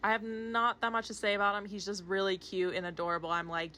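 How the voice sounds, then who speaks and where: A woman's voice: medium pitch, little pitch movement, quick pace, sharp tone, slight background noise. A young woman rambling casually about a film at her desk while drawing, gushing and chatty, with lots of fillers. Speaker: art vlogger. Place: home desk with her cat. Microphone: desk microphone.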